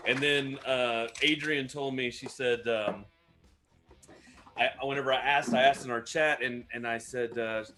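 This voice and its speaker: A man's voice: mid-range voice, steady tone, a little slow, over music. A man co-hosting a casual live stream, rambling and joking at himself as he explains a cocktail. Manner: rambling, self-mocking explanations. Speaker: co-host mixing cocktails.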